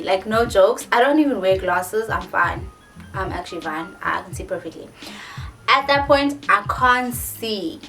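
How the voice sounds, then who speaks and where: A South African woman in her twenties, a vlogger telling a story in a casual, animated way with lots of "like". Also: medium pitch. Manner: animated, dramatic retelling with many filler likes. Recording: distant mic with faint music.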